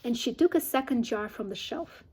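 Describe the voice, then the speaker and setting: A woman's voice: on the high side, expressive, normal speed, a little mellow, a little hiss or hum. Woman reading a chapter book aloud. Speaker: storybook reader.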